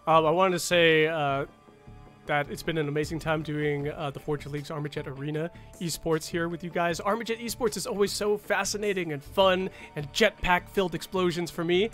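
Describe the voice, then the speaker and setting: A man's voice: fairly high pitch, brisk, a bit bright, soft background music. A man casting an esports tournament, enthusiastic and rambling, often cutting in to add a point. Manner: enthusiastic, rambling, self-interrupting. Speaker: esports caster.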